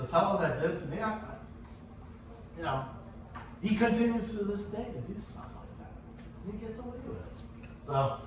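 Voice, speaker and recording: A man with a fairly high voice gives a casual sailing lesson, telling stories and mimicking rivals who shout at him. He sounds far from the mic, in a very echoey room with faint hiss underneath. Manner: anecdotal, acts out shouting sailors in quotes. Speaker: sailing instructor. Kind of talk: casual classroom talk on racing rules.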